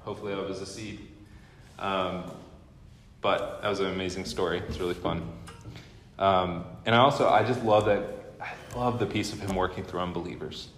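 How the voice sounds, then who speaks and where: Echoey, low-voiced man telling a sermon story. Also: normal speed, slight background noise. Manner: animated storyteller acting out quotes. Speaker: guest lecturer. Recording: echoey hall with long reverb.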